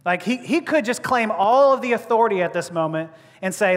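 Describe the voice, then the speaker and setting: A man's voice: high-pitched, lively intonation, fairly quick. A male preacher giving a sermon, joking and laughing as he talks, often restarting his words. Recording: long reverb of a large hall.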